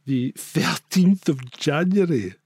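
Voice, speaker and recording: A Scottish man co-hosting a casual chat, an animated storyteller who swears freely and acts out other people. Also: on the high side, slow pace, slightly rough, dry recording. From Scotland. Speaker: podcast co-host.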